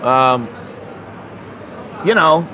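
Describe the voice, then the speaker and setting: A man's voice: medium pitch, lively intonation, extremely slow, sharp tone, poor audio. A man in his sixties from the United States, rambling bluntly and with some swearing in a casual livestream chat. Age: 60s. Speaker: streamer.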